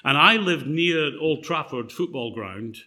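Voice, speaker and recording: A man's voice: fairly high pitch, expressive, unhurried, bright, forceful tone. A middle-aged man preaching a sermon in a conversational way, telling a personal story with fillers and restarts.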